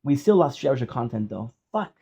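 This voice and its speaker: A man's voice: medium pitch, lively intonation, fast, creaky, warm tone, slightly rough. A man talking casually to his viewers as a gaming streamer, frustrated, swearing and repeating himself. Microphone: phone.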